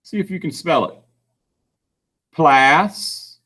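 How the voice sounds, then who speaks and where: A man's voice: fairly high pitch, sing-song, normal speed, fairly bright tone. A man giving a phonics lesson to children, patiently sounding out words syllable by syllable. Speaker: reading tutor.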